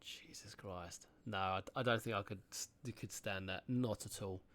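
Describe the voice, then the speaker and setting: An English man in his thirties who talks casually on a podcast, swearing often and breaking into animated exclamations. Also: fairly low pitch, moderate pace, no echo, studio quality. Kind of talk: casual chat.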